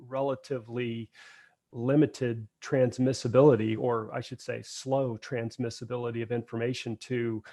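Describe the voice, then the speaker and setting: Brief: male interviewer, halting and searching for words, mid pitch. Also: gravelly, darkish tone. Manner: halting, many fillers and restarts. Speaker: podcast host. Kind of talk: podcast interview questions.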